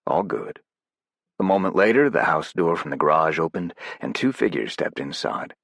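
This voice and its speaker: A man narrating a thriller audiobook in a steady, even storytelling manner. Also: deep voice, normal speed, vocal fry, no room sound, studio quality. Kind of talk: scripted narration.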